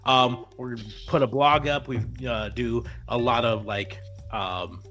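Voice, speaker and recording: A man from Nebraska hosts a wrestling chat podcast in a mid-pitched, loose, joking voice. He laughs often and keeps things light, with a faint bed of music under him. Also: steady tone, takes it slowly, a bit bright, highs cut off. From Nebraska, United States. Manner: jokey, laughs often, slips into a mock Canadian bit. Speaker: podcast host.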